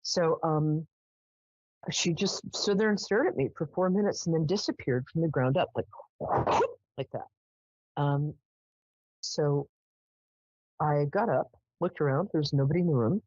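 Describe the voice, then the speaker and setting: A woman's voice: deep voice, measured pace, pauses often, darkish tone, no echo, dull audio. A woman hosting a live psychic call-in show, telling stories in a chatty, meandering way with plenty of ums.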